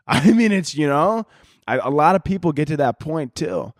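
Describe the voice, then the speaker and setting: A man's voice: a little high, big pitch swings, normal speed, no echo, clean studio sound. A man in his twenties hosting a casual solo podcast, rambling and swearing, with a lot of filler words, and laughing at his own jokes. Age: 20s. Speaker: podcast host.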